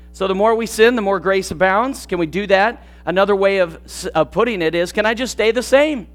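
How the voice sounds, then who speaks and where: A man preaching a sermon as pastor, earnest, praying slowly and quietly, then building emphasis as he asks questions and reads scripture. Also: high voice. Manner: hushed, slow and reverent in prayer. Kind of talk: sermon with prayer and scripture reading.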